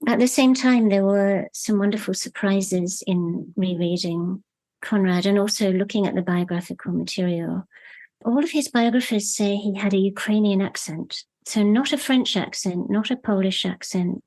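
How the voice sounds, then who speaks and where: A woman novelist talking reflectively in an interview, measured and searching for words. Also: medium pitch, a little mellow. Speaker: novelist guest.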